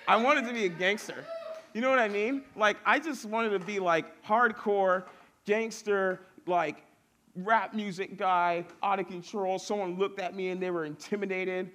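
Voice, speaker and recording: Young male preacher, casual youth-sermon delivery, slightly higher voice, builds emphatic lists. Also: steady tone, measured pace, bright, forceful tone, slight background noise. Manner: casual, storytelling, builds lists with rising force.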